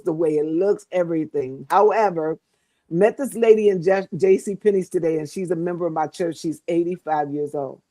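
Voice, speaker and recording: A woman's voice: lowish voice, moderate pace, mellow, dry recording. Fervent older woman, preacher cadence. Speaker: guest co-author. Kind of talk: preaching-style encouragement.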